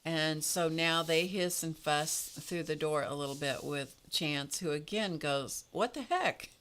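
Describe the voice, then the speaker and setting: A woman's voice: low voice, fairly even intonation, measured pace, fairly bright tone, slight background noise. A woman hosting an art livestream, chatting casually in a rambling, storytelling way with small laughs as she paints. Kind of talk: casual chat while painting.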